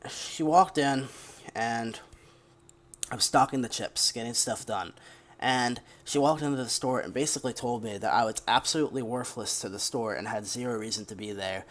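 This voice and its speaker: A man's voice: medium pitch, moderate pace, fairly bright tone. A young man telling a long story in a casual, rambling way as a gaming commentator. He vents his frustration and curses now and then. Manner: rambling, venting, casual cursing. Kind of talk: casual storytime over gameplay.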